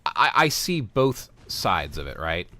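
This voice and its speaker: A man's voice: sits low, very animated, takes it slowly, sharp tone, no room sound. A young man hosting a gaming livestream, chatting casually with viewers in a rambling way that keeps circling back on itself. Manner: rambling, self-interrupting storyteller.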